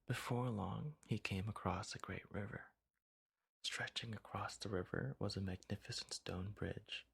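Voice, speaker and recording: Deep husky man's soft ASMR storytelling. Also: unhurried. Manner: soft, often whispered reading.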